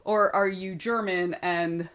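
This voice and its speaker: A woman's voice: lowish voice, fairly even intonation, slow pace, a bit bright, slight background noise. A woman from the United States with a Southern Georgia accent, chatting casually on a livestream, greeting viewers by name and rambling between topics. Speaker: streamer and author.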